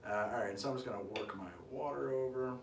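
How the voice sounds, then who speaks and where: A man's voice: mid-range voice, fast talker, creaky, reverberant, distant mic, a little hiss or hum. A man hosting a cocktail show, chatting casually on a live stream as he makes a drink, with rambling, self-deprecating asides.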